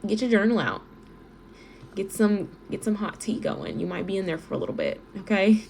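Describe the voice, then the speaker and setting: A woman's voice: mid-range voice, animated, normal speed, gravelly, a little mellow, slight background noise. A woman in her twenties giving a casual tarot reading, chatty and playful, talking straight to her viewers. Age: 20s. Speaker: tarot reader.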